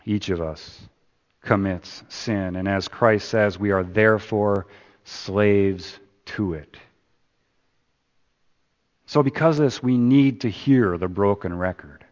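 Slow, low-voiced preacher in a reverberant hall. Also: male voice, dull audio. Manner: dramatic swings from loud emphasis to hushed repetition. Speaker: pastor. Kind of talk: sermon.

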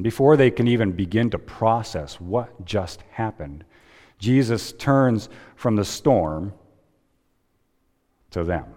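Slow, deliberate preacher in a reverberant church. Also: male voice, low voice, darkish tone. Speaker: pastor. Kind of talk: sermon. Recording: long reverb of a church hall.

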